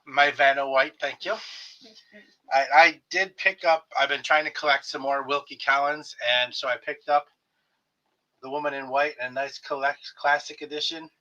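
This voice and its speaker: A man's voice: mid-range voice, steady tone, normal speed, pushed and bright. A man hosting his own live stream, chatting casually and greeting viewers by name with friendly jokes. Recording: slightly dull lo-fi stream audio.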